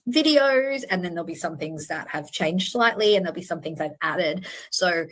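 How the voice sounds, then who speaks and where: Woman, channel host; casual earnest commentary, slightly low voice, self-correcting. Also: normal speed. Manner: earnest, animated, self-correcting, with many fillers. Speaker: true-crime channel host.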